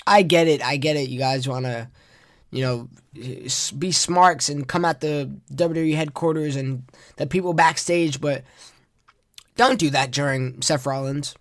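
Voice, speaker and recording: A man's voice: fairly high pitch, unhurried, no echo, clean studio sound. A man hosting a podcast, recapping a wrestling show in a rambling, exasperated, casual way. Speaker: podcast host.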